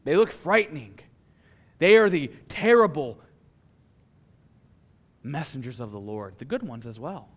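A male pastor preaching a sermon with dramatic pauses, swinging from a hushed delivery to a forceful one. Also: a little high, big pitch swings.

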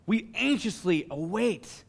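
Fairly high-voiced male pastor preaching. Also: expressive, vocal fry, husky. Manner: dramatic pauses, swings from hushed to forceful. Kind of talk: sermon.

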